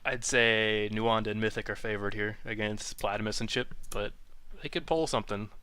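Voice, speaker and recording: A man calling live play-by-play for an online game tournament, quick and jokey. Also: lowish voice, steady tone, pushed and bright, clear, resonant tone, no echo. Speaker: esports caster.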